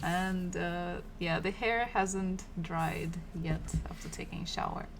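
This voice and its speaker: A woman teaching Russian in a live-streamed lesson, who repeats each word slowly and patiently and chats with her viewers between words. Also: lowish voice, steady tone, creaky, noisy background. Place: home.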